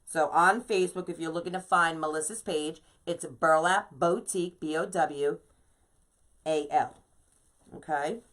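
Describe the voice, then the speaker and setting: New woman, lowish voice, chatty live craft teacher who greets viewers as she goes. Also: measured pace, fairly bright tone. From New York. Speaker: wreath designer teaching a live class. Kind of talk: casual live-stream craft tutorial.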